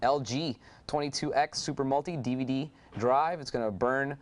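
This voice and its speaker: A man's voice: mid-range voice, normal speed. A man giving an unscripted product demonstration, talking up each computer component with eager sales patter and frequent fillers. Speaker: product presenter.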